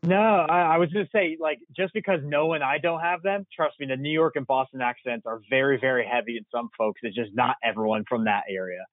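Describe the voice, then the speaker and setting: A man's voice: mid-range voice, brisk, hardly any pauses, no room sound. A young man from Connecticut chatting casually, rambling with lots of fillers. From Connecticut, USA. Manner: relaxed, rambling with many fillers. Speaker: guest. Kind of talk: casual chat. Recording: tinny phone-like line.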